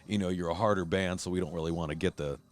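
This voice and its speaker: A man's voice: sits low, quick pace. A man hosting a casual podcast, telling a rowdy story with lots of swearing and acted-out quotes. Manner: profane, animated storyteller acting out quotes. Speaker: podcast host.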